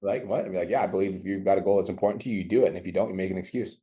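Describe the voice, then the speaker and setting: Fast-talking blunt man coaching. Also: deep voice, mellow. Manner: blunt, profane, acts out dialogue. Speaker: business coach. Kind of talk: coaching call.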